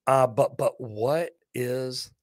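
A man hosting a live plumbing Q&A, telling lively folksy stories and joking as he reads viewer comments. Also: mid-range voice, slow pace, no echo, studio quality. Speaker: plumber and show host.

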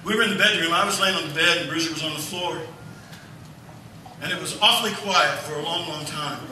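A male pastor preaching a sermon, telling a family story in a folksy, animated way. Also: a little high, a little fast, a little hiss or hum. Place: church sanctuary. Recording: echoey church hall from far off.

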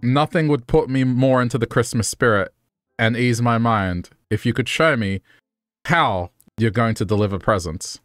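A man's voice: medium pitch, moderate pace, no echo, studio quality, soft background music, close to an everyday voice. An AI voice doing Santa, jolly old man. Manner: cheery, flowery storybook speech. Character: jolly old Santa Claus, warm and grandfatherly.

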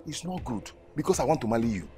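An actor playing a proud young spare-parts trader from Anambra with a Nigerian Igbo accent, mixing English and Igbo insistently. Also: male voice, mid-range voice, quick pace, slight background noise, natural voice. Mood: indignant. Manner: switches between English and Igbo, animated and insistent. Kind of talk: Nollywood film acting. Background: film score music.

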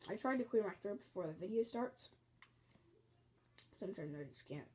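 A woman's voice: medium pitch, animated, moderate pace, warm tone. A woman teaching a building game step by step, counting blocks aloud, apologizing often as she fights off a cough at home. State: bouts of coughing. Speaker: game tutorial host.

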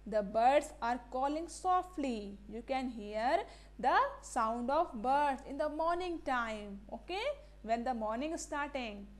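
High-voiced teacher woman. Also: animated, takes it slowly. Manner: asks the class questions and repeats key words; mixes Hindi phrases into English. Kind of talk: classroom lesson.

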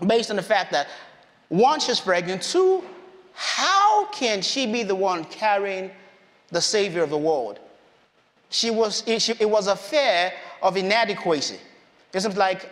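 A man's voice: high voice, expressive, moderate pace, fairly bright tone. A man preaching a conversational sermon in a church hall. He acts out the voices of Bible characters in his own voice.

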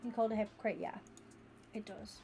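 A woman, chatting casually and excitably with viewers during a gaming stream. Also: medium pitch, a little fast, vocal fry, slight background noise. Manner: excitable and gushing, chatting with viewers while she plays. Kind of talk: casual live-stream chat.

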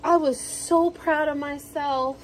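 A woman's voice: high voice, steady tone, slow pace, low-quality recording. A woman vlogger chatting casually to camera at home, telling stories in a slangy, joking way. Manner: chatty, slangy, jokey storytelling.

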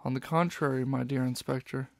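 A man voicing a charming male raccoon master thief in a storybook, talking smoothly and teasingly. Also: mid-range voice, steady tone, a little fast, no room sound, studio quality, lightly acted. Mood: mock-innocent.

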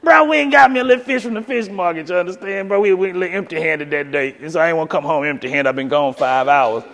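Man, high voice, animated storytelling keynote, long hall echo. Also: fast. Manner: animated, acts out voices with high falsetto for women. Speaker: keynote speaker. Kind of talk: storytelling speech.

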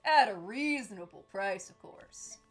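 A woman's voice: mid-range voice, lively intonation, measured pace, soft background music. A woman reading as a coy merchant woman. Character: smooth-talking young female traveling merchant.

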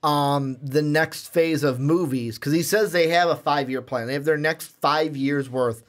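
A man co-hosting a podcast in a relaxed chat. He speculates in long, run-on stretches. He keeps the talk moving with easy fillers. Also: on the high side, measured pace. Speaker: podcast co-host. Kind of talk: casual chat.

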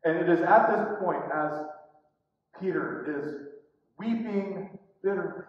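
A man preaching a sermon from a church, dramatic and theatrical, acting out the voices he quotes and swinging between loud bursts and hushed, low passages. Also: slow pace. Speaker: pastor. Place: church sanctuary. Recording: echoey church hall, far from the mic, dull.

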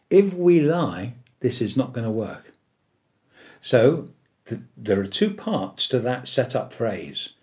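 A man leads a tapping lesson in a lively, swooping voice, his pitch rising and falling a great deal. He speaks emphatically, leans hard on the phrases he repeats, and keeps pausing to check that his listeners are following. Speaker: tapping therapy teacher. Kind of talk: instructional demonstration.

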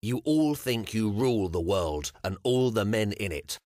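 A man's voice: fairly low pitch, lively intonation, unhurried, darkish tone, dry recording, clean studio sound. A male audiobook narrator voicing a weary, frustrated medieval king who speaks impatiently. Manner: irritable, scowling, impatient. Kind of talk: audiobook character voice.

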